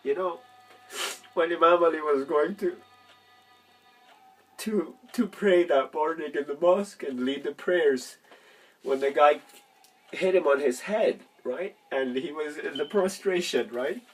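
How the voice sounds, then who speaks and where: A man's voice: on the high side, measured pace, pauses often, husky, faint music behind. A man telling a religious story and ranting in a casual, profane, rambling monologue, laughing mid-sentence. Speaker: religious vlogger. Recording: distant from the mic.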